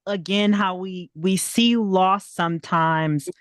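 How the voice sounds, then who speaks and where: A woman's voice: fairly low pitch, fairly even intonation, slow, dry recording. Affirming woman host, dry close sound. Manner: affirming, playful, asks "right?" often. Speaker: podcast host. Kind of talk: conversational interview.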